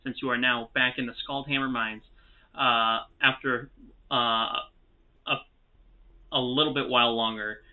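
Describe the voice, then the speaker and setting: Man, game master, tabletop narration, halting with fillers, tinny phone-like audio, mid pitch. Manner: relaxed, many filler pauses.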